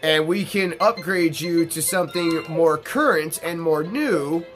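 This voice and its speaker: A man voicing a pushy male car salesman making a smooth sales pitch over the phone, full of fillers. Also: a little slow, a bit bright, faint music behind. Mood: salesy.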